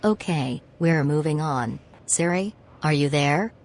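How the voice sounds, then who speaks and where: Low-voiced woman podcast host. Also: slow, darkish tone. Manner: dry, businesslike, reads facts plainly.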